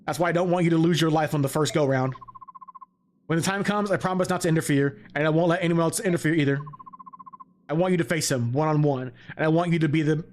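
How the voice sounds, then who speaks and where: A man reading a calm, earnest young princess's game dialogue aloud in a low, steady voice. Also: fast talker, slight background noise, lightly acted.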